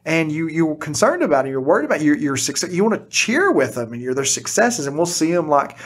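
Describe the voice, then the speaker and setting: A man's voice: a little high, quick pace. A middle-aged man, a teacher and podcast guest, telling stories in casual chat and acting out what people said. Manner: animated storyteller, acts out quotes.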